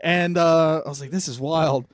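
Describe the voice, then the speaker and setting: A man's voice: on the high side, moderate pace, a loud crowd. A young adult man, a podcast co-host, telling a rambling, profane story and laughing through it. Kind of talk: casual storytelling chat.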